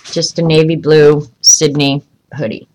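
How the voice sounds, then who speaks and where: A woman's voice: low voice, fairly even intonation, measured pace, mellow, low-quality recording. Chatty woman livestreaming from home. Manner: chatty, rambling, talks to viewers by name. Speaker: vlogger showing travel souvenirs. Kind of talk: casual livestream chat. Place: room at home.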